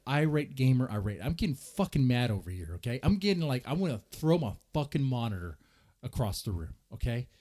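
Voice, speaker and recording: Animated ranting male commentator. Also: high-pitched. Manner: animated, profane, exasperated ranting. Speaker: drama commentary host. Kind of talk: ranting commentary over clips.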